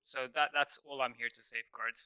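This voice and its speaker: A man as a halting, dutiful warrior. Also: medium pitch, steady tone, bright, forceful tone, smooth, no echo, rough recording. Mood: earnest. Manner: hesitant, halting and earnest. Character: earnest, dutiful male warrior protector.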